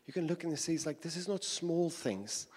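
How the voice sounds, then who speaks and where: A man's voice: a little high, animated, moderate pace, darkish tone, slightly rough, in a large hall. A man preaching a sermon in an earnest tone, repeating his phrases and building with rhetorical questions.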